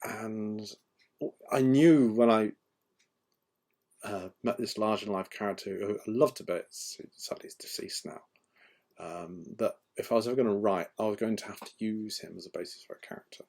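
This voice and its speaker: A man talks casually in a fairly low voice. He rambles, pausing often with ums and restarting his sentences, the way an author does when chatting informally about his work. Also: gravelly, darkish tone. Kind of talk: casual chat.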